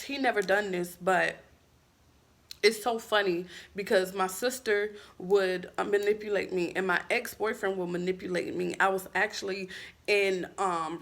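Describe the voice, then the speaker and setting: A woman's voice: medium pitch, fairly bright tone. A woman vlogger talking casually and bluntly to camera, full of fillers and frank swearing. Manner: candid, filler-heavy, blunt with profanity. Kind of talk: casual vlog talk to camera.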